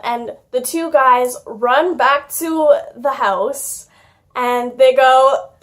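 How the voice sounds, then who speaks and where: A woman's voice: high-pitched, slow. A young woman telling a childhood story in a casual vlog, chatty and giggly, with lots of "like". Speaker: YouTuber.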